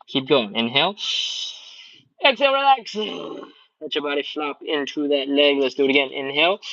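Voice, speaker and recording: Male stretch coach, somewhat high voice, close and dry, a bit dull lo-fi sound; calm, encouraging breath cues. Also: dry recording. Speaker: stretching instructor. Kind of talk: live workout instruction, cueing breaths and counting.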